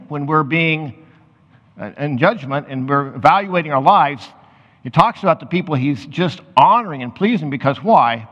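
A pastor preaching a sermon, reading scripture aloud and then explaining it in loose, conversational asides. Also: male voice, on the high side, fairly bright tone. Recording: muffled sound with long hall reverb.

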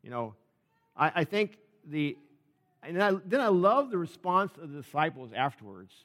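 A man's voice: fairly high pitch, big pitch swings, moderate pace, a bit bright, long reverb tail. A man preaching a sermon in a conversational, joking way, often restarting his sentences. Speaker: pastor.

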